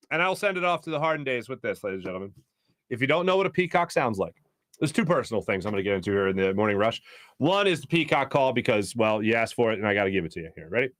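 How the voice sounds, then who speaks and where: With a fairly high pitch and no room sound, this man in his thirties hosts a sports talk show from a radio studio on a studio microphone. His Philadelphia accent colors rambling, energetic stories that keep starting over.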